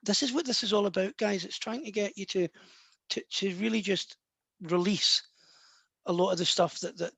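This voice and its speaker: High-voiced rambling middle-aged man. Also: fairly bright tone, no room sound. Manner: rambling, self-interrupting, laughs often. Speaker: spiritual medium guest. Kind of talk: casual live Q&A chat.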